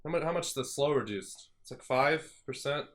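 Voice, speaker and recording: A man chatting casually about a game with friends. He asks quick pointed questions and repeats words as he thinks. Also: mid-range voice. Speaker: co-host. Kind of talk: casual group discussion.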